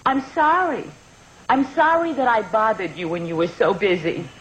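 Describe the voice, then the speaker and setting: A woman's voice: medium pitch, big pitch swings, moderate pace, a bit bright, slight background noise, poor audio. A woman playing a doting, guilt-tripping middle-aged mother with a wheedling, melodramatic way of talking, heard on an old comedy record. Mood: nagging. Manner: wheedling, plaintive, melodramatic sighs and pleas.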